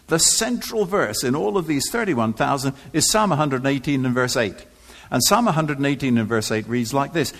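A man preaching a sermon in church, emphatic and rhetorical, repeating phrases for effect with touches of dry humor. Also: mid-range voice.

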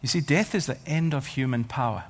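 In church, a pastor delivers a sermon with an emphatic, building cadence and repeated phrases. His medium-pitched voice moves a little fast, and a long hall reverb fills the recording.

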